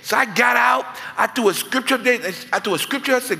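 A man preaching as a guest pastor, his voice swinging widely and sounding bright and forceful. His self-mocking storytelling rings through a church with a long reverb. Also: very high voice, fairly quick, hardly any pauses. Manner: animated, self-mocking, conversational. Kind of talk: sermon with comic storytelling. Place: church sanctuary.

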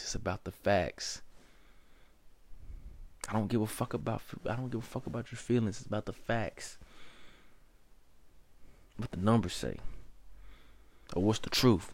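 A man's voice: on the low side, a little mellow, dry recording. Blunt, cursing man ranting on a podcast. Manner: lectures the listener directly. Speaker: podcast host. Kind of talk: opinion monologue.

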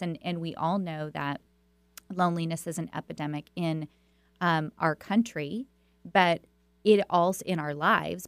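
A woman's voice: lowish voice, clear, resonant tone, no room sound. Lady radio host, chatty and storytelling, lots of ums, dry close studio sound. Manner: warm storytelling with many fillers and restarts. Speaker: radio talk show host. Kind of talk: conversational radio interview.

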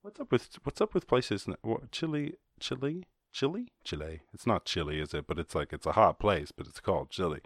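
Irish man, podcast host, very low voice, rambling profane chat, dry sound. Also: very animated, fairly quick, hardly any pauses, no echo. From Ireland. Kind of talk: casual solo commentary.

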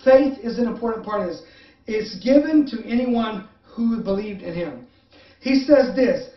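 A male pastor preaching a sermon for an online service, moving between emphatic repeated appeals and soft, halting personal asides. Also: high voice. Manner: drops to soft, hesitant confessional tone with many fillers. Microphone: online service stream. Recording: roomy, distant, muffled sound.

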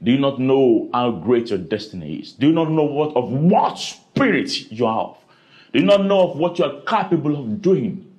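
A man preaching a sermon, dramatic, with sudden high cries and repeated questions. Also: big pitch swings, moderate pace, darkish tone, highs cut off.

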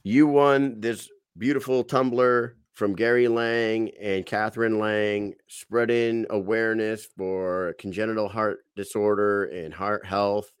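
Man, podcast host, casual chat, profane, excitable, low-pitched. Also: measured pace, few pauses, smooth, dry recording, studio quality.

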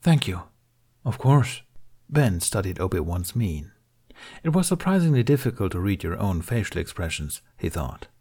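A man reading fan fiction aloud in a measured, even storytelling manner. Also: low voice, breathy edge. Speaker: reader. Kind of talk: scripted fan fiction narration.

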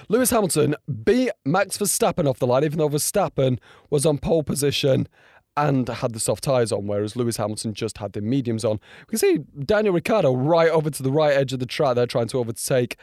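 Hoarse, gravelly, excitable young man. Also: medium pitch, normal speed, dry recording, clean studio sound. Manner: excitable and rambling, with many fillers and restarts. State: hoarse, strained voice. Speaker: motorsport video creator. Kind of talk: casual reaction and race breakdown.

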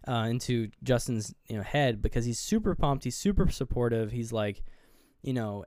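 A man's voice: mid-range voice, normal speed, hardly any pauses, a little mellow, clean tone, no echo, clean studio sound. A man co-hosting a podcast, casually retelling movie scenes in a rambling way and briefly mimicking the characters. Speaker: podcast co-host. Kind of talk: casual movie review chat.

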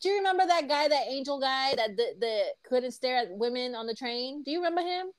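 A woman's voice: sits high, expressive, a little fast, no room sound, poor audio. Bronx woman, dry close sound. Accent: Bronx New York. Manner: storytelling, mimics voices, teasing. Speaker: podcast co-host. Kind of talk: casual chat. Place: home office.

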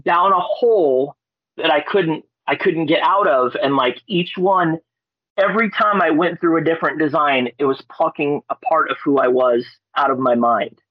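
A man from Alaska, a guest on a podcast, telling a story in a rambling, excitable way, swearing and restarting his words. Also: fairly high pitch, normal speed, dry recording. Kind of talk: casual storytelling. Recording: dry, dull lo-fi audio.

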